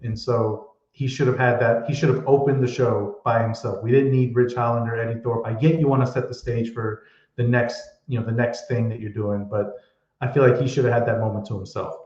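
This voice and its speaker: A man's voice: mid-range voice, fairly even intonation, a little fast, a little mellow. A man co-hosting a casual wrestling podcast, giving firm opinions while thinking aloud and hedging. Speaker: podcast co-host. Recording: echoey room, dull lo-fi sound.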